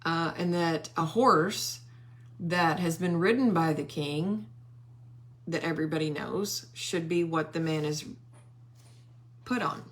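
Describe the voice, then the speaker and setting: Slow-paced woman retelling a Bible story. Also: low voice. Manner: animated storytelling with quoted character voices. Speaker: Bible study teacher.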